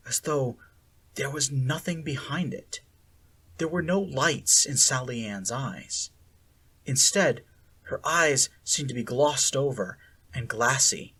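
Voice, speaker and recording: A reader narrating a fan fiction chapter in a measured storytelling voice. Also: mid-range voice, fairly bright tone, husky.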